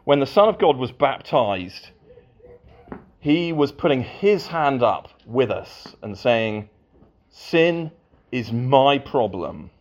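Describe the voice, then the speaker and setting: A man's voice: medium pitch, big pitch swings, slow pace, dull audio. A man preaching a sermon to a congregation, with playful asides.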